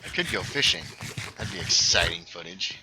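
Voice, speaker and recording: A man's voice: low-pitched, lively intonation, normal speed, sharp tone, slight background noise. A man chatting casually and joking as he streams a video game. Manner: chatty, playful, jokey. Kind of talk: casual gameplay chat.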